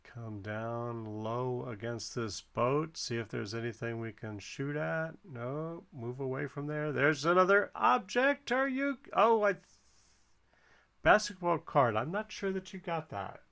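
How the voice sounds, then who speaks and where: A man's voice: medium pitch, lively intonation, measured pace, gravelly, fairly bright tone, smooth. A man giving casual, encouraging play-by-play while someone else flies in a video game, counting the balloon score aloud. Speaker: co-commentator watching a flight game.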